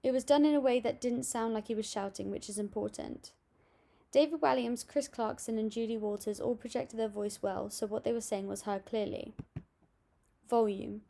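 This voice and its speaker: A young woman reading out a school assignment on voice techniques, steady and a little halting, with small restarts. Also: fairly high pitch, creaky, a little hiss or hum. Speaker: student presenting an assignment. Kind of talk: read-aloud school presentation.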